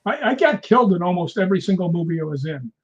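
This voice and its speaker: A man's voice: sits high, quick pace, breathy edge. A man guesting on an interview show, telling film set stories in a casual way and laughing often. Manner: animated storyteller, laughs often. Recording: dull lo-fi sound.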